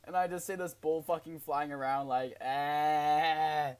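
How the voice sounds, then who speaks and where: A man's voice: a little high, brisk, darkish tone. A man chatting casually while playing a game with friends, laughing often, swearing, and sounding flustered. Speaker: gamer, channel owner. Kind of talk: casual gaming chat.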